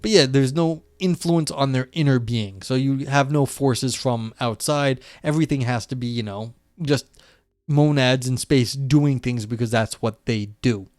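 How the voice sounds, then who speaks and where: A man's voice: medium pitch, measured pace, no room sound, clean studio sound. A man reading a philosophy text aloud on a live stream and commenting in a rambling way, full of "you know" and "like". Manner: rambling, filler-heavy, frequent "you know" and "like".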